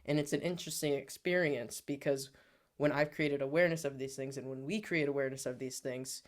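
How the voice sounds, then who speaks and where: A man's voice: medium pitch, steady tone, a little fast. Earnest man sharing personal reflections. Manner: earnest, self-reflective, therapy-style language. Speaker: podcast co-host. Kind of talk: personal storytelling on a podcast.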